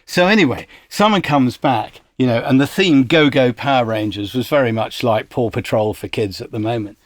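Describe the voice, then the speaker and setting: Male exec guest, anecdotal and lively, mid pitch, dry close mic. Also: moderate pace, no echo. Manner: anecdotal, animated when quoting others. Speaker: music industry executive, podcast guest. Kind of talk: casual storytelling interview.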